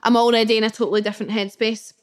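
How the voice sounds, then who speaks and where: A young woman with a slightly high voice hosts a solo podcast from home. She talks in a candid, chatty way, swearing now and then as she reacts to comments from her listeners. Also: flat delivery, racing. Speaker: podcast host. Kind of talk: casual solo podcast chat. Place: her flat, indoors.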